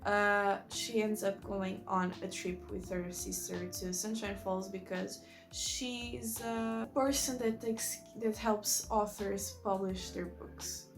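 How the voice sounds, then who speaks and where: Music plays behind a woman who isn't a native English speaker as she vlogs about books in a mid-range, fairly even voice, taking it slowly. Her casual review rambles with enthusiasm, and she frequently corrects herself.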